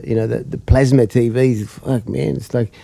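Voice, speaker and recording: A man's voice: mid-range voice, moderate pace, vocal fry, no room sound. A man, a podcast co-host telling a story in casual chat and acting out the people in it. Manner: animated storyteller who acts out quoted people with profanity.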